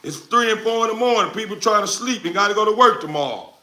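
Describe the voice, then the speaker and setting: A man on a livestream, loudly and confrontationally answering viewers in casual slangy talk, recorded without a lapel mic. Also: high voice, animated, fast talker. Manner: loud, confrontational, repetitive, slangy. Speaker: dog breeder streamer answering chat. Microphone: no lapel mic, phone or camera mic.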